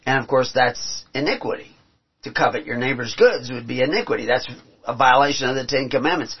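Man, sermon, earnest, husky, emphatic, lo-fi sound. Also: mid-range voice. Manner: earnest, rising to emphatic peaks, halting restarts. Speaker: preacher. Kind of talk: sermon with scripture reading. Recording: dull lo-fi recording.

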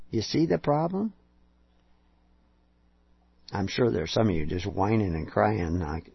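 Husky guy preaching, lots of rhetorical questions, sarcastic, dull lo-fi tape. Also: lowish voice, sing-song, measured pace, long pauses, no echo. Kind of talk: preaching lecture. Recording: dull lo-fi recording.

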